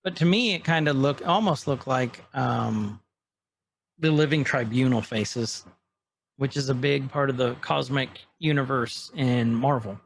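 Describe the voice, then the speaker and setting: A man with a creaky, mid-range voice co-hosts a podcast, speaking a little slowly as he casually summarizes a show and animatedly acts out its dialogue. Slight background noise is present.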